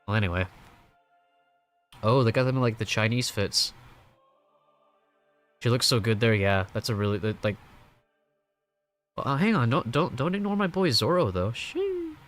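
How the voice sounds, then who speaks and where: A man's voice: medium pitch, expressive, moderate pace, long pauses, a bit bright, soft background music. Young man, reaction host, casual comic-reading chat, rambling, lots of restarts. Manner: rambling, many restarts and fillers.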